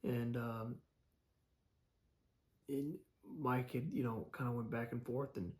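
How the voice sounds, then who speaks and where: A man's voice: mid-range voice, steady tone, slow, a little mellow. A young adult man telling a story in a loose, rambling way, with many fillers and restarts, for a casual daily vlog. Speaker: vlogger.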